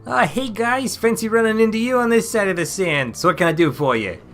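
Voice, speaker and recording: A man voicing a slick, chummy traveling merchant who talks fast and salesy in a video game. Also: sits high, animated, a bit bright, faint music behind.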